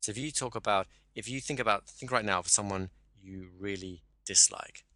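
A man's voice: fairly low pitch, normal speed, sharp tone, dry recording. A man coaching a caller one-to-one, explaining exercises step by step and often checking in with "right?".

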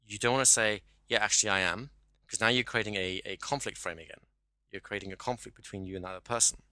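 A man's voice: on the low side, steady tone, fast talker, pushed and bright, no echo. A man teaching a hypnosis class, explaining and acting out sample dialogue. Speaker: hypnosis trainer.

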